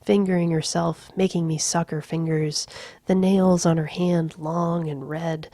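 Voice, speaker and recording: A woman reading a novel aloud in a slow, hushed, gravelly voice, sometimes dropping to a whisper. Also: lowish voice, no echo. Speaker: reader. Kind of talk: audiobook-style novel reading.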